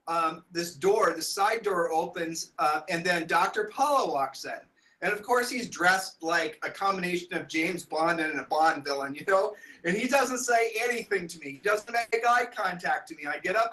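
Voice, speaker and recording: A man telling a long story to an audience in a rambling, animated way, full of restarts. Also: high-pitched, rough recording. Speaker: speaker telling a sales story.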